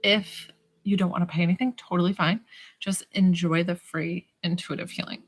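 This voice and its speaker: A psychic healer with a fairly low, breathy voice chats bubbly and casually on a live stream, greeting viewers by name at a normal speed and fairly even intonation. The phone-camera audio is poor, with music playing behind her.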